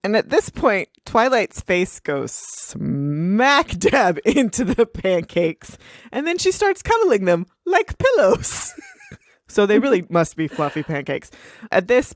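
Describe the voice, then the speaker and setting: Woman podcast co-host, chatty recap voice, lively pitch, dry close sound. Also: no echo. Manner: chatty, narrates scenes with laughs. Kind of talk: casual episode recap.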